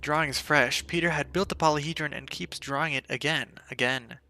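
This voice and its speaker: Bright-voiced sarcastic gaming man. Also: a little high, fairly even intonation, brisk, a little hiss or hum. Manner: wry, sarcastic, swears freely. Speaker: game streamer. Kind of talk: let's play commentary.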